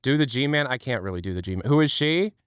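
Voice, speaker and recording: Streamer type: young guy, casual joking chatter, smooth clear voice, dry close mic. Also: medium pitch, lively intonation, no echo. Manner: rambling, joking, quick asides. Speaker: livestream host. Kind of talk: casual chat with chat viewers.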